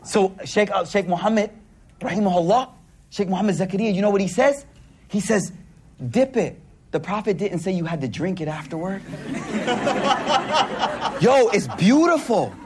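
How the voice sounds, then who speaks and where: A man giving a sermon to a live audience, telling stories in an animated way, laughing as he goes, and using casual slang with lots of repeated words. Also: high-pitched, moderate pace, pauses often, slight background noise. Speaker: Islamic speaker.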